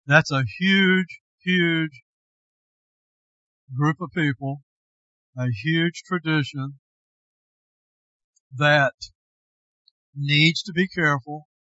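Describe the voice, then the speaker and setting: Slow deliberate male pastor preaching, bright voice, kinda dull lo-fi sound. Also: a little high, dry recording. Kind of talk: sermon.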